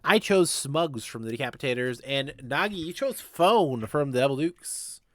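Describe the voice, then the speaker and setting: A man hosting a casual esports podcast, briskly running through a list of draft picks and asking his co-hosts about them. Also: mid-range voice, animated, a bit bright. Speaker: podcast host.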